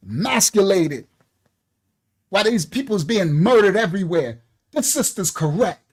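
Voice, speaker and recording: A man's voice: high voice, animated, moderate pace, pauses often, rough recording. An older man from Long Island, New York, giving a fiery, preachy, rambling monologue as host of a ministry channel. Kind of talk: ranting monologue.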